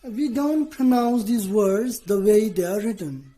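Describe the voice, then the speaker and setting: A woman teacher giving a lesson to students, speaking deliberately, spelling out letters and often checking in with "okay". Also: medium pitch, expressive, dark tone, low-quality recording.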